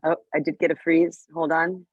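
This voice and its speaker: A woman's voice: low voice, level tone, moderate pace, no echo. Actress guest, woman, bubbly and laughing, over a muffled and dry video call. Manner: bubbly, laughs often, filler-heavy.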